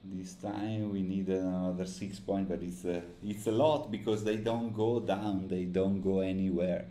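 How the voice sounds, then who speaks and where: Very deep-voiced tired man commentating markets. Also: steady tone, measured pace, warm tone. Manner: frustrated, complaining. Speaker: live trading streamer. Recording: echoey room, faint noise.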